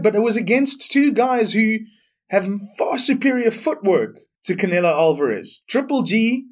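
A young man hosting a solo sports podcast, blunt, profane and opinionated. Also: high-pitched. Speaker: podcast host.

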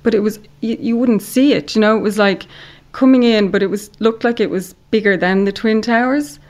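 An Irish woman from Ireland, a podcast guest telling a story in casual chat, animated and full of "like". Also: mid-range voice, fairly quick. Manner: animated storyteller, heavy use of "like".

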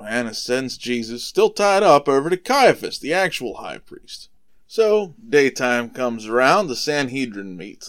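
Man, relaxed storytelling for kids, lively pitch, smooth clear voice. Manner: relaxed, conversational, explains things simply. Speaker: podcast host retelling Bible stories for kids. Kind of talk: casual storytelling for children.

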